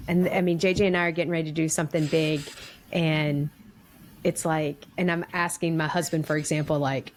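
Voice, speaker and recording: Woman host, lowish voice, effusive, emotional, laughs easily, faint background noise. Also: level tone, normal speed. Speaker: podcast host. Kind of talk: podcast interview.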